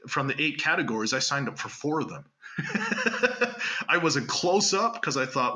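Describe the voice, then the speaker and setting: A man from Canada, chatting as a guest in an interview and spinning animated stories full of asides. His voice is very bright, with a middle pitch. He laughs easily between points. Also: fairly quick. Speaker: guest magician. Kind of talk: casual interview storytelling.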